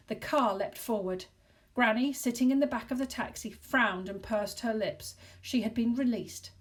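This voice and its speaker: A woman reads a children's novel aloud with lively, expressive storytelling. Her voice sits at an ordinary middle pitch and sounds as if it was recorded from a little way off the mic. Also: far from the mic. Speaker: narrator.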